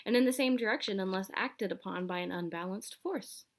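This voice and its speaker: A woman's voice: mid-range voice, a little fast, lightly acted. A woman voicing a quirky, cheerful male science teacher who lectures and counts down in a children's storybook. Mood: lecturing. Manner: upbeat, announcing, counting down.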